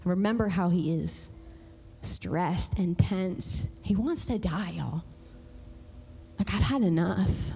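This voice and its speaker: A woman pastor preaching a sermon, conversational and emphatic, speeding up and slowing down. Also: fairly low pitch, mellow, slight background noise. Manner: conversational, emphatic, swings between fast and slow. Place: church sanctuary. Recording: long church hall reverb.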